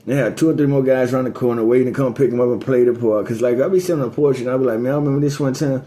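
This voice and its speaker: A man in a rambling, casual monologue, telling a loose, profane story that drifts between topics and climbs higher when he gets going. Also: rapid-fire. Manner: rising pitch on excited story beats.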